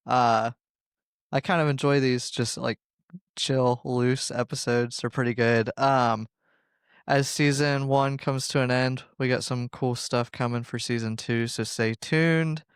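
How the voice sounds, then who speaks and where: A man's voice: medium pitch, steady tone, unhurried, clean tone, dry recording, studio quality. A young man co-hosting a casual podcast, laid-back and often laughing. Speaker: podcast co-host.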